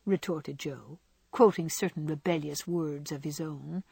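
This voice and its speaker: A woman reading a classic novel aloud with measured, expressive storytelling. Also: low-pitched, creaky, breathy edge, dry recording. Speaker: audiobook narrator.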